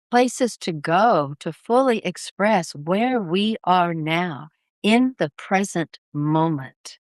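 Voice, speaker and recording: Lady voice coach explaining stuff, really expressive and emphatic, dry sound. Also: mid-range voice, no echo. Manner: expressive, emphatic teaching delivery. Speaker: voice coach guest. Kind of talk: podcast interview.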